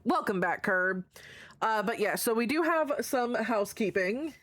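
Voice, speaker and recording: A fairly high-pitched, fairly bright voice belongs to a woman streamer talking in an unhurried way with her viewers. She greets them by name with affection and swears freely as she reads chat aloud.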